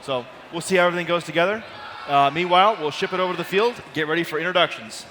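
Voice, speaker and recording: A male commentator previews the match in brisk, analytical lines, at a very fast clip. His voice sits a little high. Clear outdoor ambience runs underneath him. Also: sharp tone, a little hiss or hum. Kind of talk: sports commentary.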